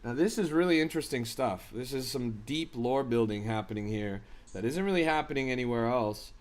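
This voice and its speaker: Hosting a crypto live stream, a man with a mid-range voice speaks briskly. He gives hyped, slangy commentary and addresses his chat directly.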